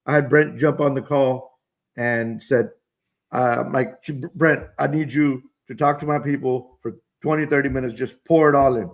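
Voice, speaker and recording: A man's voice: medium pitch, fairly even intonation, normal speed. Man telling a story in plain chat. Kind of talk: casual chat. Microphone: video call.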